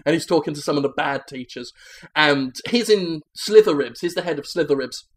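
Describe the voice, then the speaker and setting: A man rambling through an improvised deadpan comedy pitch meeting, hosting a comedy sketch. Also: brisk.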